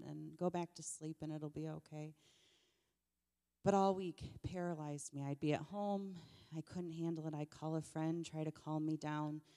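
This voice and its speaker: A woman telling her personal story of struggle in an earnest, emotional way, her voice often dropping soft. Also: sits low, long reverb tail. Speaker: church member sharing testimony. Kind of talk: personal testimony on stage.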